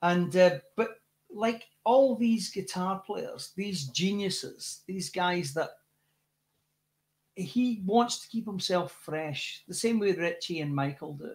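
A Scottish man with a high, bright speaking voice talks as a guest in a casual interview. He is a rock singer and spins lively anecdotes, tripping over restarts and repeating words as he goes. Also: slow. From Scotland.

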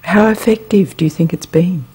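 A woman interviewer asking brief, calm questions. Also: fairly low pitch, moderate pace, breathy edge.

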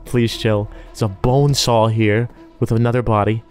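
A man's voice: mid-range voice, level tone, measured pace, darkish tone, faint music behind. A man giving live gameplay commentary, jittery and talking himself through each scare. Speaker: gaming YouTuber.

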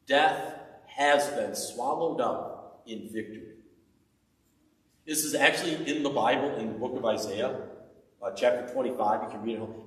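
A middle-aged man preaching a sermon, telling stories with earnest, emphatic delivery and some rising, taunting outbursts. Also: mid-range voice. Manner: earnest storytelling, lively emphatic taunting with pauses. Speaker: pastor. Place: church sanctuary. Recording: echoey church from far off.

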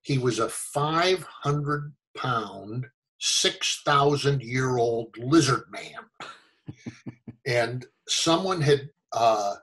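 An older American actor telling stories in a casual interview, animated and fond of acting out the voices of people he quotes. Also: mid-range voice, extremely slow, rough recording. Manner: animated storyteller, acts out quoted voices, chuckles often. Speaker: actor guest.

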